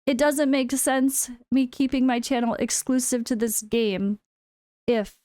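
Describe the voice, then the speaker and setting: A woman's voice: mid-range voice, a little mellow, dry recording, studio quality. An American woman, a full-time gaming content creator, talking candidly to her viewers in a casual vlog, with wry sarcastic asides. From United States. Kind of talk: casual chat.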